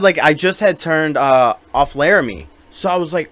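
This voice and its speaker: A man's voice: on the high side, normal speed, hardly any pauses, fairly bright tone. A man co-hosting a casual podcast, rambling through stories and acting out what people said. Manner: rambling storyteller, acts out quoted lines, many "like"s. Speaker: podcast co-host. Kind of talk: casual chat.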